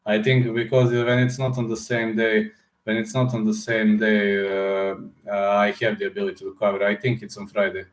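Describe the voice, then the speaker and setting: Hoarse man chatting on a livestream. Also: lowish voice, flat delivery, roomy sound. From Serbia. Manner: halting, searching for words, many fillers. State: hoarse throat. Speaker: livestream host answering chat. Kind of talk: casual livestream chat.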